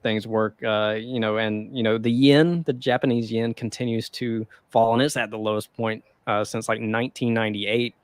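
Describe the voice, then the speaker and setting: A man's voice: lowish voice, level tone, moderate pace, hardly any pauses, smooth, no echo. Chuckling man co-hosting, dry sound. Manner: chuckles often, loose and rambling with fillers. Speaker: podcast co-host. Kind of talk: casual chat about the stock market.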